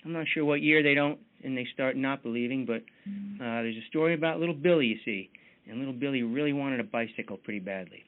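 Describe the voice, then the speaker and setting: A man's voice: medium pitch, quick pace. Folksy man leading a tinny team call. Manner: folksy, chatty, many fillers. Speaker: team mentoring call leader. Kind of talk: motivational team talk.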